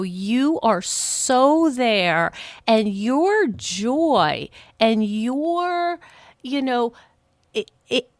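A psychotherapist hosting a podcast interview over a call, speaking in a measured, reflective way. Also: female voice, fairly high pitch, fairly bright tone, no room sound, studio quality. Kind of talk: conversational interview. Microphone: remote call.

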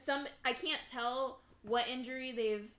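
A woman co-hosting a casual group chat, speaking tentatively and often trailing off. Her voice is fairly high. She is recorded in a room with a lot of echo. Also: fairly even intonation, a little slow, fairly bright tone. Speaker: podcast co-host.

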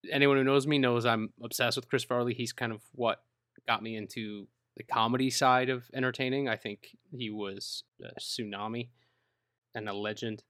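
A man's voice: medium pitch, fairly even intonation, moderate pace, a bit bright, no echo, clean studio sound. A man in a casual movie discussion, earnest and opinionated, talking in long stretches.

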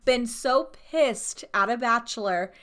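A young woman co-hosting a casual chat, her voice sitting a little high. She rants heatedly, swears freely and laughs often. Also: slow pace, a bit bright. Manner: heated, profane ranting with frequent laughs. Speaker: podcast co-host.

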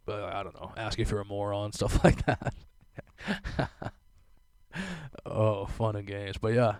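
A man's voice: fairly low pitch, level tone, slow pace, a little mellow, smooth, no echo. Profane rambling young man. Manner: profane, rambling, laughing asides. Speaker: solo vlogger. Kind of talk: casual storytelling monologue.

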